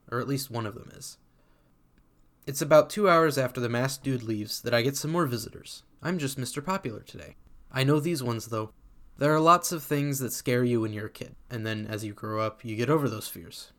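A man's voice: medium pitch, fairly bright tone. A man reading a first-person story aloud in a casual, sardonic voice that swears freely. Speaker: community reader.

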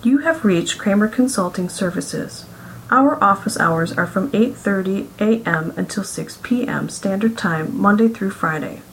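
A woman voicing a monotone answering-machine greeting. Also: mid-range voice, slight background noise, natural voice, rough recording. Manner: flat monotone, slow and measured.

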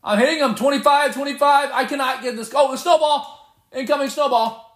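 A man giving live gameplay commentary, excitable and playfully boastful as he trash-talks. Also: extremely high pitch, a little fast, echoey room. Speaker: gamer.

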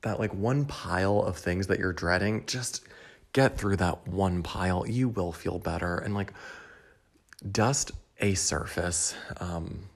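A man's voice: deep voice, slow pace, vocal fry. A man hosting a solo podcast, talking in a casual, rambling and candid way, stumbling and restarting often. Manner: rambling, candid, self-deprecating, with restarts and stutters. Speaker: podcast host.

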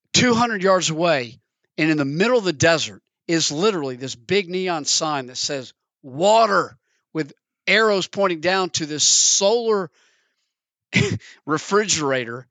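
A man's voice: a bit bright, no echo. A man preaching a sermon, telling a parable in an earnest storytelling manner. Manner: earnest, storytelling, acts out the characters in pitch.

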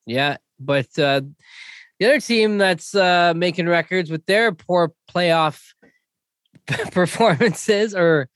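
A man's voice: high voice, takes it slowly, fairly bright tone, no echo, studio quality. A man co-hosting a casual hockey podcast, teasing the others and laughing often. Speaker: podcast co-host. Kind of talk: casual chat about hockey.

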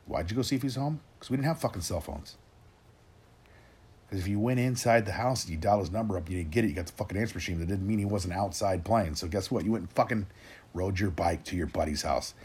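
A man in his forties ranting in a rambling, gruff way, swearing constantly and restarting his sentences as he talks to his listeners. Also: low-pitched, quick pace, darkish tone. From Tennessee, raised in Oregon. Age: 40s. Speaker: rant host. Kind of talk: profane solo rant.

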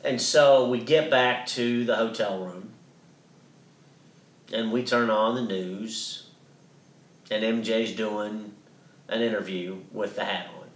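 A man's voice: fairly low pitch, fairly even intonation, slow pace, long pauses, echoey room, distant mic. A man co-hosting a podcast, telling a story in a casual, rambling way with many restarts and some swearing. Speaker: podcast co-host.

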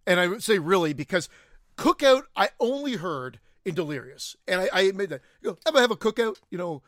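Man podcast co-host, animated and swearing, high lively voice, dry sound. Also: fairly quick, no echo. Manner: animated, swears, laughs easily. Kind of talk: casual chat.

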